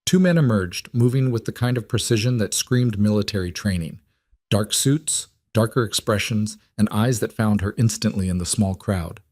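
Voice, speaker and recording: Audiobook narrator: a low-voiced man with a steady, dramatic read, dry studio sound. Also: normal speed, no echo. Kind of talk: scripted romance story narration.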